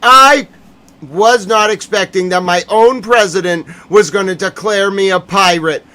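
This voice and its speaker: Man from the US, high voice, livestream host, excitable, laughing, mock-serious comedic rants. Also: measured pace. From United States. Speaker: livestream news recap host.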